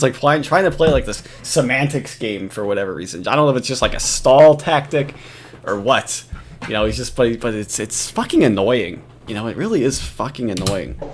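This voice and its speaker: A man's voice: medium pitch, animated, brisk, husky. A man giving casual reaction commentary over footage, profane and mocking, often laughing.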